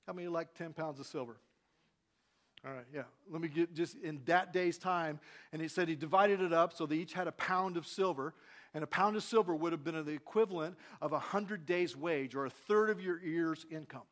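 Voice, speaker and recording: A man preaching a sermon to a congregation in a church hall, reading scripture with dramatic loud peaks and asking the room questions. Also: fairly high pitch, moderate pace. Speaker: pastor.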